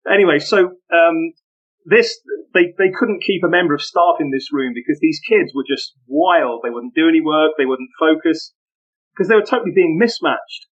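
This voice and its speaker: Animated storytelling man, muffled audio. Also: fairly high pitch, moderate pace. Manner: animated, laughing, full of anecdotes. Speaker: podcast guest. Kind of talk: casual storytelling interview.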